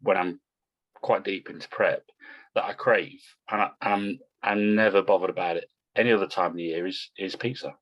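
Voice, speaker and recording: Deep-voiced blunt man. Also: steady tone, a little fast, lo-fi sound. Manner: blunt, swears freely, repeats words. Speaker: guest bodybuilder. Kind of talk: casual podcast chat.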